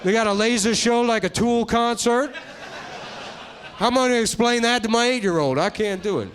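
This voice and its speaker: A man doing a stand-up comedy set on stage before a live audience, talking in a crude, deadpan way and slipping into mocking voices. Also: very high voice, a little fast, a little hiss or hum.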